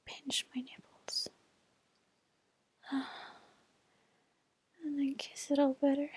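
A young woman murmurs through a whispered role-play in a high, airy voice, letting each phrase stretch out with unhurried slowness. Soft sighs fill the pauses, and there is a slight morning roughness to her tone. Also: completely flat delivery. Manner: breathy and slow, with frequent sighs. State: slightly rough voice, just woke up.

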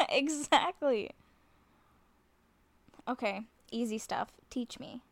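A woman's voice: on the high side, expressive, extremely slow, gravelly. A woman in a scripted audio role-play, flustered and self-conscious, often laughing nervously as she talks to the listener. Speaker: nervous woman talking to a friend on the phone.

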